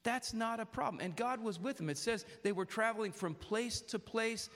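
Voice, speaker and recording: A man's voice: sits high, moderate pace, a bit bright, big-room sound. A man preaching a sermon earnestly, asking his congregation questions and restarting his phrases often.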